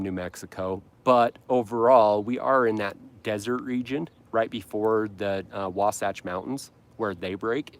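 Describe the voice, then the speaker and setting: A man from Utah hosting a casual lawn care livestream, rambling and correcting himself as he reads viewer comments with a joking tone. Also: on the low side. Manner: rambling, self-correcting, jokey.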